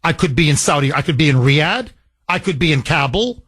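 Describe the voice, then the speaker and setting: A man's voice: on the high side, animated, a little fast, a bit bright, slightly rough. A middle-aged man from Canada hosting a talk radio show, delivering an emotional, heated monologue.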